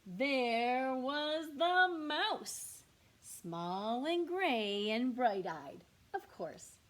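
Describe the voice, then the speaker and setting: A woman teacher reading a picture book aloud to young children, slow and expressive, with whispered asides to the class. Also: sits high. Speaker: kindergarten teacher.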